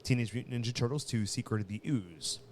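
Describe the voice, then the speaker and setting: A man's voice: medium pitch, fast, darkish tone, slight background noise. A man co-hosting a podcast, telling rambling stories in casual chat. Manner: rambling storyteller, acts out quoted voices. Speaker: podcast co-host.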